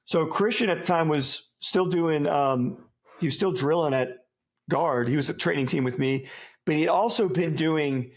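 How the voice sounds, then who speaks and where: Gravelly, slightly high man, laid-back. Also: normal speed. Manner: laid-back, profane, buddy slang; rambling, many restarts and asides. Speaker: interview guest, former soldier. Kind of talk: casual interview chat.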